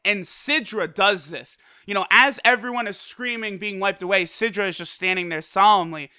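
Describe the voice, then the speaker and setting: A man gives a casual video review in an unusually bright, sharp voice that sits high for a man. He talks in an animated, slangy way, swears freely and packs his sentences with fillers. His tone stays clear and smooth throughout. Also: moderate pace. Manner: frequent fillers like "like" and "you know". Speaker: anime episode reviewer.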